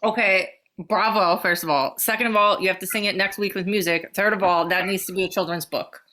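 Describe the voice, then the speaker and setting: A woman's voice: mid-range voice, fairly even intonation, fairly quick, bright, forceful tone. A woman co-hosting a podcast in casual, chatty talk, swearing freely and laughing easily. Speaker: podcast co-host. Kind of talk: casual chat.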